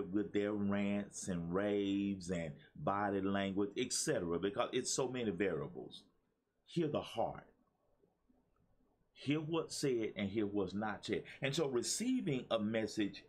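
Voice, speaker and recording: A man's voice: on the low side, a little mellow, slightly rough. A man, a pastor and motivational speaker, giving a preachy talk to his viewers, repeating himself and calling out to the audience. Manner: preachy, repetitive, calls on the audience.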